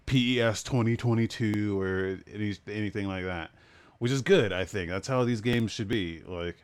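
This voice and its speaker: A relaxed young man co-hosts a casual gaming podcast in a very deep voice. His tone is smooth and resonant. He laughs often and works his way through the news with easygoing restarts. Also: moderate pace. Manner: relaxed, laughs often, many fillers and restarts while explaining. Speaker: podcast co-host.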